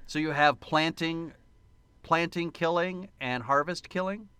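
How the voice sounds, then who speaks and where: A man's voice: a little high, unhurried, bright, forceful tone, clear, resonant tone, dry recording. A man co-hosting a film podcast in casual chat, sarcastic and profane, with mock-indignant asides. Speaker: podcast co-host.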